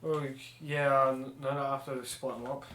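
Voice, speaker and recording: A man's voice: mid-range voice, flat delivery, fairly bright tone. Laid-back man in an echoey room. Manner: laid-back, quick short replies. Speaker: podcast co-host. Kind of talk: casual chat. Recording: roomy echo with faint noise.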